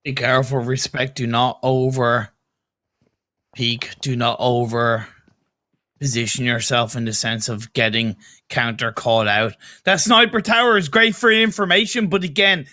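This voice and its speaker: A man's voice: medium pitch, unhurried, pushed and bright. An Irish man doing color commentary on a live mobile shooter tournament, chatty and playful. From Ireland. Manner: chatty, laid-back, playful. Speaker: esports co-caster.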